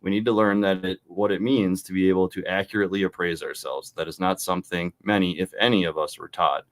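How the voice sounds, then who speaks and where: A man's voice: low voice, steady tone, fast talker, no room sound. A man co-hosting a casual recovery discussion, talking in an easygoing, reflective way. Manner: easygoing, reflective, many fillers. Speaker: podcast co-host.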